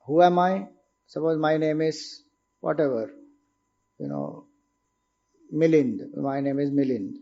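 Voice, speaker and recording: Speaking with an Indian English accent in a fairly high, warm voice, a man talks informally about spiritual ideas, explaining them conversationally and asking his audience rhetorical questions. The sound is dull and lo-fi.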